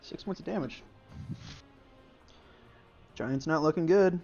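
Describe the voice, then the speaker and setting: Soft music plays behind a slightly high, slow, somewhat mellow male voice running a tabletop game. As game master, he narrates loosely, leaning constantly on "like" and "um," over dull lo-fi stream audio.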